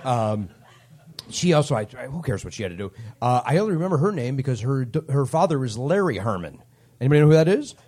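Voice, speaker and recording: A man hosting a live comedy show on a club stage, teasing the audience with quick sarcastic riffs. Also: mid-range voice, very animated, a little mellow. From Canada. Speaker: comedy podcast host. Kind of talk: live comedy crowd work.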